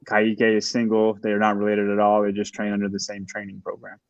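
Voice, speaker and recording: A man hosts a podcast with a low voice and breaks down standings in a talkative, analytical way. The sound is dry and somewhat dull, with little room around it. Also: monotone, a little fast, no echo. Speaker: podcast host. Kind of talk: casual sports analysis.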